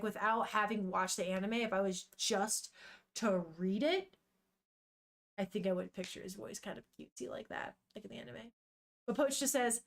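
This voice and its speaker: A woman streamer talks through a manga in loose, animated chat, thinking out loud and swearing as she goes. Her pitch sits in the middle range for a woman. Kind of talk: casual chat.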